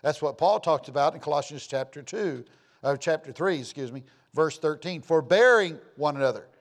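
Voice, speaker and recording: A man's voice: a little high, lively intonation, moderate pace. A man preaching a sermon, folksy and storytelling, rising and falling for emphasis.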